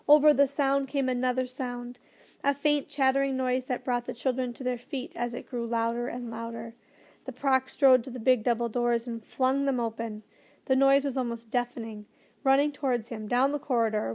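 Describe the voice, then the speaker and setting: A woman narrating a children's storybook with a gentle, expressive reading. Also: fairly high pitch. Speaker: audiobook narrator.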